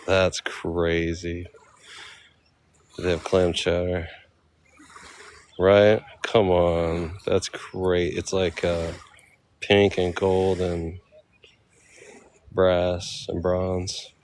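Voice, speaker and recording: A man's voice: low-pitched, little pitch movement, extremely slow, pauses often, darkish tone, a little hiss or hum. A man vlogging outdoors by a bay, exclaiming over the scenery as he looks for the ferry. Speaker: travel vlogger. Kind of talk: casual walking commentary.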